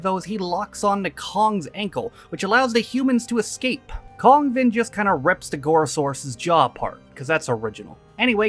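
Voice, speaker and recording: A sarcastic movie reviewer narrates a comedic recap, tossing in profanity and mock exasperation. The delivery swings widely in pitch as the jokes land. Faint music plays underneath. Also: fairly bright tone. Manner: riffs with goofy quoted voices for characters.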